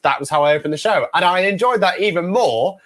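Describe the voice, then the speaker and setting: Chatty young Englishman, higher voice. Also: animated, quick pace, a bit bright. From England. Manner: chatty, self-deprecating storyteller. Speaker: ventriloquist guest. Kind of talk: casual interview chat.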